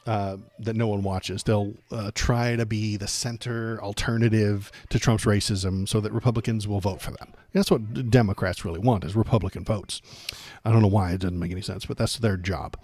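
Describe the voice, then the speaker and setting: A man's voice: on the low side, fairly even intonation, normal speed, a little mellow, dry recording. Sarcastic ranting political streamer man. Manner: sarcastic, rambling, reads chat aloud. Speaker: political livestream host. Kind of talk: ranting livestream commentary.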